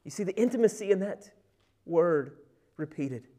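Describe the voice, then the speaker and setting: A male pastor preaching a sermon. He retells scripture scenes with conversational asides, swinging from loud emphasis to hushed, near-whispered passages. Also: sits high, expressive, moderate pace.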